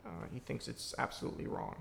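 A man's voice: fast talker, fairly bright tone, slight background noise. A man, a filmmaker, answers audience questions after a screening in a church, reflective and searching for his words.

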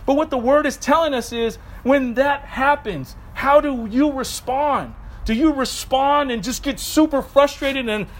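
A man preaching a sermon outdoors in a conversational, animated way, with self-correcting asides. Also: very high voice, unhurried, hardly any pauses, rough recording.

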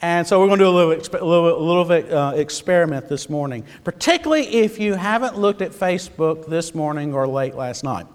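A middle-aged man preaching a sermon as pastor, conversational and animated when he voices the people in his story. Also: on the high side, a little fast, few pauses, big-room sound.

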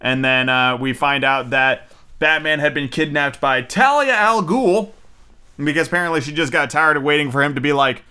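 Man, young, slightly high voice, smooth, casual rambling review, lots of fillers and swearing. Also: moderate pace, pushed and bright. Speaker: movie reviewer.

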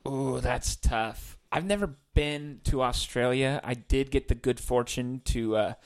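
A man's voice: medium pitch, unhurried. Easygoing man thinking aloud. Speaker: podcast co-host. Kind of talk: casual chat.

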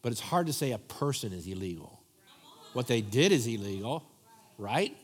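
A man delivers a sermon from a church platform, his mid-range voice conversational and direct. He lurches between punchy, raised asides and soft, hushed stretches of prayer. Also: medium pitch, sing-song, moderate pace, slightly rough. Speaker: pastor. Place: church sanctuary.

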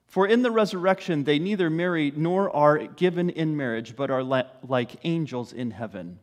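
A man's voice: a little high, animated, moderate pace, few pauses. A man preaching a sermon, talking conversationally and building to emphatic rhetorical questions. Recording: long hall reverb.

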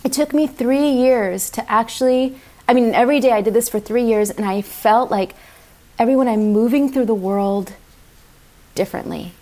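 A woman guest speaker talking warmly and animatedly on a video call, laughing often. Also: on the high side, moderate pace. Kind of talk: heartfelt talk.

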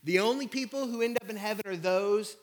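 High-voiced pastor preaching a sermon. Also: male voice, a little fast. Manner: rhetorical repeated questions, swinging from loud to hushed.

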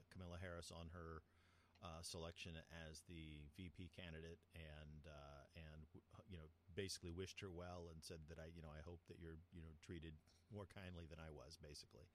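A man co-hosting a podcast in casual chat, telling stories in an animated way. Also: deep voice, slight background noise. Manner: chatty, animated storyteller. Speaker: podcast co-host.

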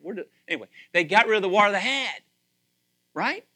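A middle-aged man preaching a sermon, animated, acting out voices and questioning his listeners. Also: high-pitched, fairly quick. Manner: animated, acts out voices, asks audience questions. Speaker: pastor.

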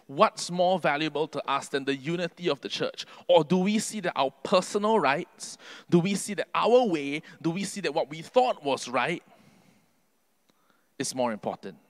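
A man preaching a sermon earnestly, building to emphatic peaks and then dropping his voice low. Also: animated, normal speed. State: can't sing due to covid.

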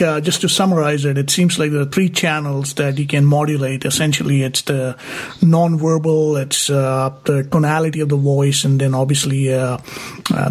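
A man hosting a podcast, summarizing points and asking thoughtful questions with frequent fillers. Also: on the high side. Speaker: podcast host. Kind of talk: interview questions.

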